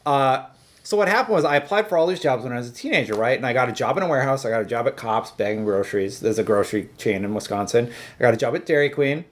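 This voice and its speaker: A man co-hosting a casual chat show, telling a story in an animated way and laughing as he retells it. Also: mid-range voice, fast talker. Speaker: co-host.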